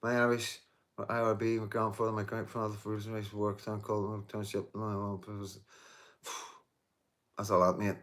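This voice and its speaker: This is a man in his fifties running a relaxed live stream, where he reads viewer comments and trades jokes and curses with commenters. He has a lowish, level voice with a fairly bright tone and a moderate pace. He speaks emphatically, often repeating himself, restarting, and using "you know."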